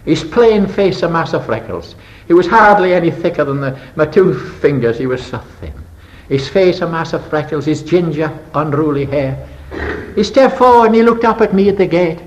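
An older man preaching a sermon as a story, dramatic, swinging between loud bursts and hushed low passages. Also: expressive, moderate pace, low-quality recording.

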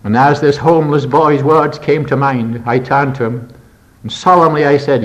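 Older guy preaching, tells it like a story, goes big and loud then real quiet. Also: mid-range voice, fairly even intonation, normal speed, lo-fi sound. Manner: dramatic, swings between loud and hushed. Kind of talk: storytelling sermon.

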